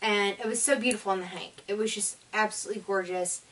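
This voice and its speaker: A woman's voice: medium pitch, fairly even intonation, fast, fairly bright tone, recorded from a distance, slight background noise. Tired, chatty woman knitting vlogger. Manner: chatty, enthusiastic, rambling with fillers. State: tired, yawning. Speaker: knitting podcast host. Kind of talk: casual knitting vlog chat.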